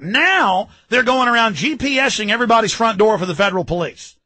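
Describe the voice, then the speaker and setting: A man in his thirties with a Texan accent, hosting a talk show and ranting about politics, loud and mocking, shouting at times. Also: high-pitched, lively intonation, brisk, no room sound, low-quality recording. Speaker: radio talk show host. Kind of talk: fired-up political rant.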